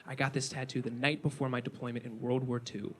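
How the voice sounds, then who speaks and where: A man doing a hushed, grave old grandpa. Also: little pitch movement, fast talker, slightly rough, lightly acted. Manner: low, hushed and solemn. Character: old male war veteran grandfather, regretful and grave. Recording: noisy live room recording.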